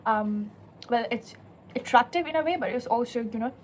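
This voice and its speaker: A woman's voice: a little high, moderate pace, a little hiss or hum. A young woman giving a conversational literature lecture, earnest and searching, often restarting her phrases. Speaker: literature teacher.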